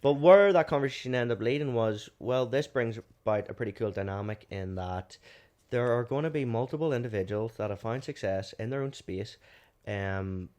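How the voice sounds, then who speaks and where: A man's voice: medium pitch, moderate pace, few pauses, darkish tone. A young man, hosting a casual podcast chat in an upbeat way and steering the conversation. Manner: upbeat, introduces and steers the talk. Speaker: podcast host.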